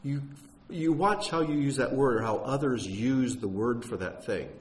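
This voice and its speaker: A man's voice: mid-range voice, moderate pace. A man giving an earnest, emphatic sermon teaching, with some wry humor and frequent fillers and restarts. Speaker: teacher of a Messianic congregation.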